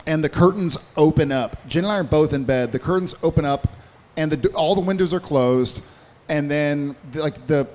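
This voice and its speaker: A man on a convention panel telling a rambling, animated story, with restarts and swearing. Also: on the high side, in a large hall. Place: convention hall stage.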